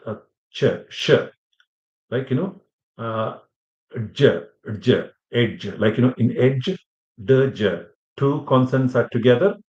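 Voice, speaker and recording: A language teacher with a medium-pitched, darkish voice lectures his class, rambling through fillers and restarts and pausing to ask students questions. The recording sounds muffled, in an echoey room.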